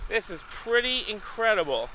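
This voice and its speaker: A man's voice: sits high, very animated, normal speed, sharp tone, a little hiss or hum. A man hosting a children's educational show, upbeat and enthusiastic, repeating phrases for young viewers while recording on his own. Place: alone in a recording space.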